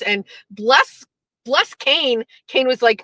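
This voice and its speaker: Bright, high-voiced woman ranting hard. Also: normal speed, dry recording, poor audio. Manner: profane, animated, mocking impressions. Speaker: streamer host. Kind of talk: ranting commentary.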